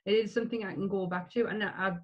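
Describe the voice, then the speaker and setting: A woman in casual film chat, talking in quick bursts with many restarts. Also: mid-range voice, steady tone, dull audio. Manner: chatty, many restarts and fillers.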